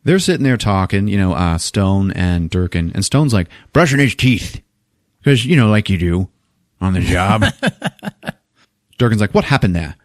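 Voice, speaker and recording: A man with a fairly low voice tells a film's plot to his podcast co-hosts, and his pitch swings widely as he jumps between characters. He swears often and keeps the chat loose and lively. The sound is dry and close, with no room around it. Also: unhurried, dry recording. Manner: animated scene retelling, swearing, quoting characters. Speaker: podcast co-host recapping a movie.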